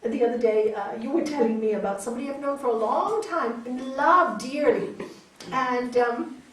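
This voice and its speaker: A higher-voiced woman gives a spiritual talk on yoga, heard from across an echoey hall. She tells stories animatedly, slipping into the voices of the people she quotes and prompting her listeners with "hmm?". A faint hum of room ambience sits behind her. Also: normal speed, distant mic. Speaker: raja yoga teacher.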